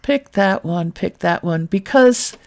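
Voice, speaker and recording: Slow, gravelly woman teaching 3D modeling. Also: lowish voice, animated. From Brooklyn, New York. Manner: thinking aloud, wry and self-mocking. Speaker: 3D modeling tutor. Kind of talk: casual screen-share tutorial.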